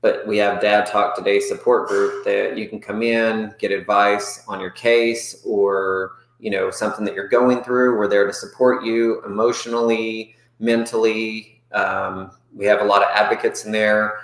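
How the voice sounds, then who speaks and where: A man's voice: lowish voice, little pitch movement, moderate pace, few pauses, fairly bright tone, echoey room, low-quality recording. A man co-hosting a casual talk show, inviting listeners to a support group.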